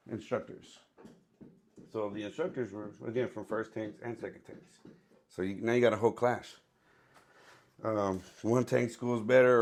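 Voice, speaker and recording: Gravelly-voiced man telling stories. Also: on the low side. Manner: slangy, profane, laughs often. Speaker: podcast guest, Marine veteran and barber. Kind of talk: casual storytelling.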